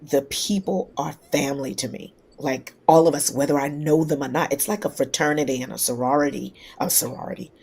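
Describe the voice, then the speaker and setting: A singer from New York City, a woman, telling lively stories in a casual interview and acting out the people she quotes. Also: low voice, a little fast, creaky, hardly any pauses, husky. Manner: lively anecdotes, acts out quoted voices. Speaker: singer guest.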